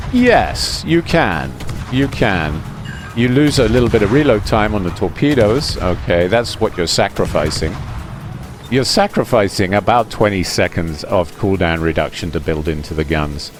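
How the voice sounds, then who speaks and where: A man giving chatty, explanatory commentary over his own gameplay, with many fillers. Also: mid-range voice. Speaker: gaming YouTuber.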